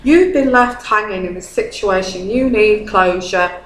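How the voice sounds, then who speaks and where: A woman gives a casual tarot reading in an unhurried, mid-range voice, sounding a little tipsy. She repeats her phrases and keeps asking "okay?" The room is echoey with a faint hum in the background.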